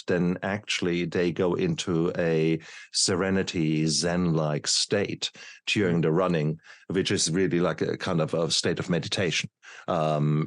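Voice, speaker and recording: Deep-voiced podcast host, dry sound. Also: male voice, dry recording. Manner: thoughtful, wandering questions. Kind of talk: interview questions.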